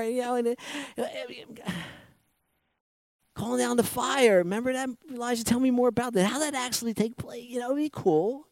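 A pastor preaching a sermon in a lively, animated way, acting out quoted voices and laughing often. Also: male voice, very high-pitched, normal speed, creaky, dry recording.

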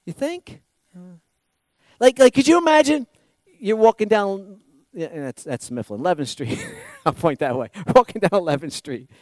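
A pastor preaching a sermon in a lively, animated way, acting out quoted voices and laughing often. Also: male voice, high voice, moderate pace, no echo.

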